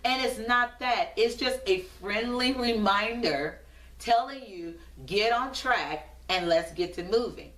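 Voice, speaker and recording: A woman hosting a motivational show speaks slowly in a slightly high, bright voice, delivering a preachy, repetitive pep talk with a strong rhythm to her viewers. She sounds distant from the mic, with an echoey room around her.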